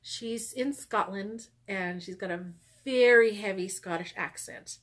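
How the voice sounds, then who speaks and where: A woman's voice: mid-range voice, unhurried, a bit bright. A woman hosting her knitting podcast, chatting casually and upbeat from home with frequent ums and little laughs. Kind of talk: casual knitting vlog chat.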